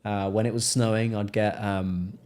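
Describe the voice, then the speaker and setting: An English man speaks as a podcast guest, his voice sitting a little low. He tells his story with energy and often acts out the people he is quoting. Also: flat delivery, moderate pace, darkish tone. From England. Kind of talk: casual interview storytelling.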